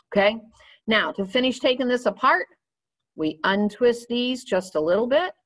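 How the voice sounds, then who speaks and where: A woman teaching a beginner's clarinet lesson in a patient, instructive way. Her voice sits a little higher than most women's. She walks through each step while handling the instrument.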